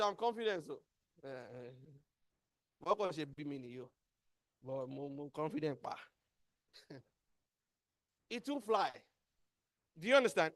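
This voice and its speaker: A man's voice: high-pitched, no room sound, clean studio sound. A man with a Nigerian accent giving a motivational training talk, emphatic and repeating key words as he quizzes his audience. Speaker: workshop trainer.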